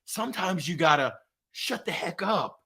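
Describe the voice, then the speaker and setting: A man guest talking in an energetic, preachy, slangy storytelling way in an interview. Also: high-pitched, moderate pace, vocal fry, slightly rough. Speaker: guest, author. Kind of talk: motivational interview talk.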